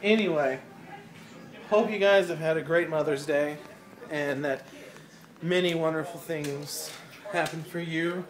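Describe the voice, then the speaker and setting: A man's voice: a little high, measured pace, long pauses. A man vlogging outdoors in his yard at night, chatting in a loose, rambling, friendly way. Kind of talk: casual vlog chat.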